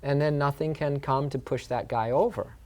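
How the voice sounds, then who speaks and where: A man's voice: medium pitch, steady tone, moderate pace, darkish tone. A man co-host giving a spiritual talk, reflective and repeating key phrases for emphasis. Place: yoga studio.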